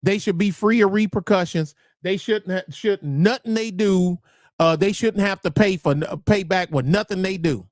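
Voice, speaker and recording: A man's voice: sits high, normal speed, no room sound, studio quality. A man hosting a livestream, talking bluntly and profanely in rambling commentary that keeps restarting phrases. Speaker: livestream host.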